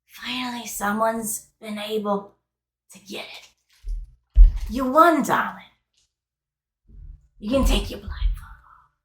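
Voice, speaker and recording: A woman voicing a bored tiny female doll with a toothy grin, speaking in a soft, weary way, recorded with a roomy echo. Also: on the high side, slow pace, pauses often.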